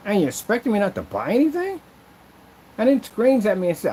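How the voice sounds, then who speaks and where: With a high voice, huge swings in pitch and a quick pace, a mellow-sounding projection screen seller and maker rants in a casual vlog, aggrieved, rambling and repetitive. The recording is low quality with slight background noise.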